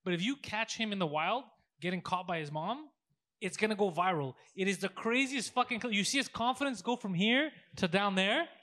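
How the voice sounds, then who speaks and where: A man co-hosting a podcast, telling stories in animated casual chat with lots of swearing. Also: sits high, a little fast. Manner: animated storytelling, heavy swearing. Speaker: podcast co-host.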